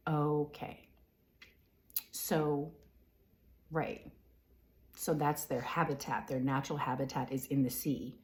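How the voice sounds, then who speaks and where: Slow, low-voiced woman doing a reading. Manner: halting and repetitive, often softly whispering questions to herself; frequent fillers and throat-clearing. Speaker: intuitive reader. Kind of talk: live spiritual reading, relaying impressions.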